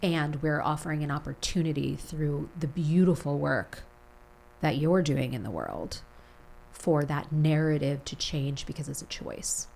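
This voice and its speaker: Low-voiced woman hosting a heartfelt podcast. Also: vocal fry, darkish tone, poor audio. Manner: slow, soothing guided reflection with long lists. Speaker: podcast host. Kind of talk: heartfelt interview.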